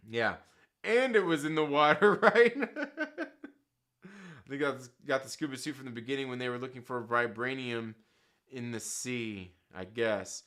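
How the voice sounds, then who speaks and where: A medium-pitched, pushed and bright voice belongs to a man with kids hosting a live stream. He reads his viewers' comments aloud, chats casually, and laughs often while making slangy, profane jokes.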